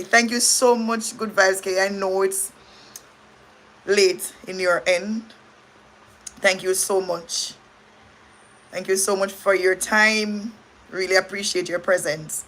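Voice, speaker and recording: A woman's voice: medium pitch, fairly bright tone. A middle-aged Jamaican woman hosting a casual livestream chat, rambling, restarting sentences and thanking viewers. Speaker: livestream host.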